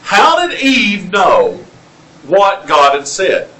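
A man's voice: high voice, wildly swooping pitch, takes it slowly, pushed and bright. A man with a Southern US accent preaching a sermon, reading scripture aloud and asking the congregation questions. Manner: asks the room questions and reads scripture aloud. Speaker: pastor. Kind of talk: interactive sermon. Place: church sanctuary. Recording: echoey church room.

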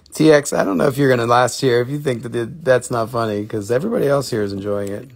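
A man's voice: mid-range voice, quick pace, creaky. A man hosting a live online sale, talking casually and enthusiastically, rambling and swearing now and then. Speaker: host selling rocks and minerals on a live stream. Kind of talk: casual live sales chat.

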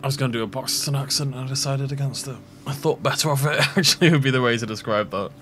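A man's voice: mid-range voice, fast, fairly bright tone, a little hiss or hum. A man hosting a let's play, rambling casually and laughing often while he plays. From half Irish. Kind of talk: casual gaming commentary.

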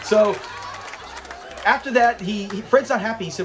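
A man's voice: sits high, moderate pace, crowd noise, background noise. A man hosting a casual episode review, animatedly retelling scenes, acting out quotes and laughing often. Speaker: show review channel host.

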